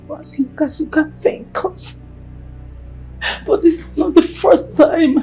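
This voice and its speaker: A woman's voice: high voice, dark tone, soft background music. An actress with a Nigerian accent playing an ashamed middle-aged mother who begs her daughter tearfully, in a film scene. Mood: pleading. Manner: slow, begging and tearful. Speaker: mother caught in an affair. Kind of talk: Nollywood film acting.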